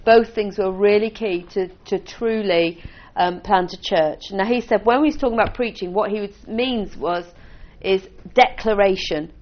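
Through a muffled recording, a woman with a mid-range voice talks at normal speed with hardly any pauses. She is a church leader teaching a small group informally, speaking conversationally with lots of restarts and light laughs.

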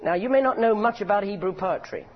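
A man's voice: high voice, fast talker, dull audio. A man preaching a sermon in a church meeting, telling stories with humor. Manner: animated, humorous storytelling.

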